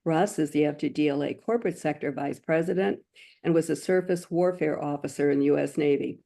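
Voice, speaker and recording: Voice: medium pitch, a little fast, vocal fry. A webinar host reading scripted announcements and speaker introductions in a formal, polished way. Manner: reads from a script, warm and formal.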